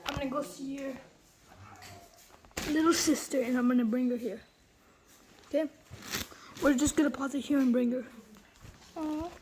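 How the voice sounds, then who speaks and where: A high-pitched woman chatters through a casual home video, filmed on a phone at home. She gushes and coos baby talk at a puppy, with faint noise underneath. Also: steady tone, normal speed, pauses often, darkish tone. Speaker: vlogger. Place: family home.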